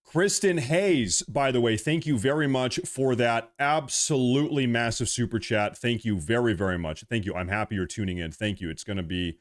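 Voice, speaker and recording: A man's voice: medium pitch, moderate pace, few pauses. A man hosting a live stream, reading super chats aloud and ranting in an agitated, repetitive way full of restarts. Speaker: livestream host.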